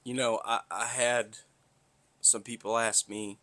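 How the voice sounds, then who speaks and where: A man's voice: mid-range voice, little pitch movement, unhurried, sharp tone. A man from north Florida with a Southern accent, hosting a podcast in a rambling, profane, blunt monologue. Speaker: podcast host. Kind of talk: casual monologue.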